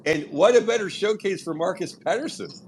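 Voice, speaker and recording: A man's voice: high-pitched, expressive, fairly quick, slight background noise, rough recording. A man co-hosting a podcast in casual chat, joking and laughing between his remarks. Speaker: podcast co-host.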